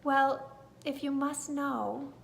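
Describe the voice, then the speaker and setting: A woman's voice: high voice, steady tone, slow pace, creaky, a little hiss or hum, exaggerated voice. A woman voicing a young garden flower girl who speaks earnestly and pleads her case in a storybook reading.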